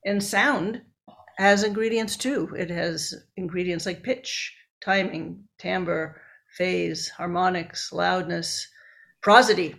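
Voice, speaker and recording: A woman's voice: on the low side, takes it slowly, gravelly, fairly bright tone. A woman researcher and book author explaining her work step by step in an interview.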